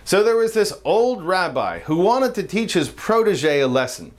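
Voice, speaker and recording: Animated male storyteller, lively pitch. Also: moderate pace. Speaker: vlog host. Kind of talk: personal storytelling, telling a joke.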